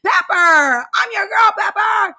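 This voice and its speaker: A woman mocking a whiny grown woman who cries and shouts as she begs for help. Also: extremely high pitch, lively intonation, slow pace, pitched above the performer's own voice, exaggerated voice. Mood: wailing plea. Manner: wailing, pleading, shouting through tears.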